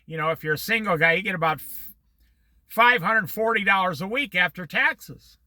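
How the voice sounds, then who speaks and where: A man's voice: high voice, moderate pace, bright, forceful tone, no room sound. A middle-aged man in casual talk, rambling from story to story with religious asides. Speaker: vlogger.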